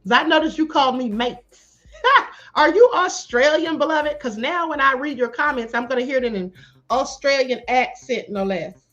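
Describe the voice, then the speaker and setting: Sassy woman streamer, high voice, slightly dull sound with faint music behind. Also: moderate pace. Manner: sassy, animated, calls viewers beloved and honey. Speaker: live stream host. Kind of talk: live commentary reading chat.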